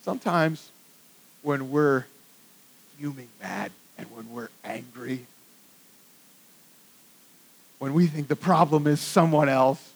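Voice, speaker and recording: A man preaching a sermon in a casual, animated way, swinging from excited to hushed. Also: medium pitch, low-quality recording. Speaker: pastor.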